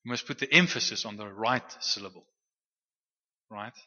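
A man's voice: on the low side, moderate pace, bright, forceful tone. A man preaching a sermon in a conversational way, often restarting and repeating words. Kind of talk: sermon teaching. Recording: muffled sound with long hall reverb.

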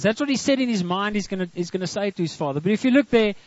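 A man's voice: high-pitched, lively intonation, very fast, hardly any pauses, dry recording. A South African man preaching a sermon as pastor, counting off his points and dropping into homely family stories. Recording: dull lo-fi recording.

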